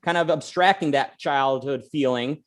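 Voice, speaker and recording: A man hosting a casual online panel show, talking in a lively way with plenty of fillers. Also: medium pitch, moderate pace. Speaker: show host.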